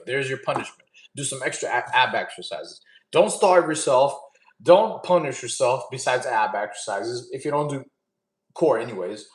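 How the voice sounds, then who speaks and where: With a mid-range voice and a reverberant sound, a man in his thirties runs a relaxed campfire stream. He reads viewers' chat questions out loud and coaches them with blunt, easygoing fitness tips.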